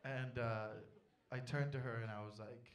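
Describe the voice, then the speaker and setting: A young man performing a stand-up comedy set on stage, telling a story with animated, loud panicky outbursts. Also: mid-range voice, normal speed, recorded from a distance.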